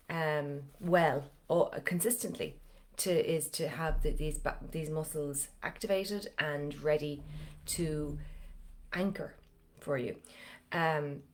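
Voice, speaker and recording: Vocal coach with a lowish voice. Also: female voice, a little mellow. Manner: chatty, encouraging, gives step-by-step cues. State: slightly strained voice. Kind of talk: live online singing lesson.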